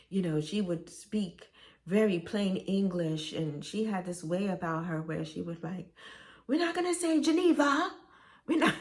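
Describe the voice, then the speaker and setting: A woman's voice: lowish voice, a little mellow. A middle-aged woman, telling rambling, nostalgic stories in a casual vlog. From Brooklyn, New York. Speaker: vlogger.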